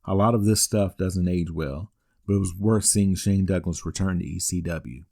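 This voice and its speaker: A man in his forties hosts a podcast, walking through events in a steady, scripted play-by-play with the odd dry aside. His voice sits on the low side and sounds dark and mellow. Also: moderate pace, vocal fry. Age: 40s. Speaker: wrestling podcast host. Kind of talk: scripted recap narration.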